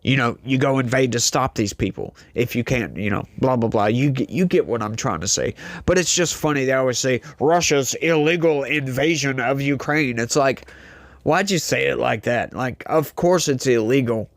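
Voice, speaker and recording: A man's voice: mid-range voice, moderate pace, gravelly, no room sound. Guy ranting politics to his viewers, lots of "you know", dead dry sound. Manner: opinionated, talks straight to viewers with many fillers and repeats. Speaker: political commentary host. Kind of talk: casual political vlog commentary.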